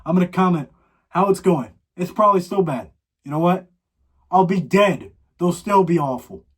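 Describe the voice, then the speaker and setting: A teenage boy rants into his own podcast mic, complaining in a dramatic, exasperated way. His voice sits a little high for a young man. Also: normal speed, breathy edge. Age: teens. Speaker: podcast host. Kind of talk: solo podcast rant.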